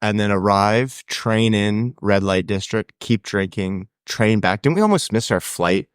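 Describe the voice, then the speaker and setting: A young man co-hosting a podcast, telling a travel story in a casual, animated way and acting out the voices of people in it. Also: lowish voice, measured pace, smooth, no room sound, studio quality. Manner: animated storyteller, acts out quoted voices, laughs often. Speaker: podcast co-host.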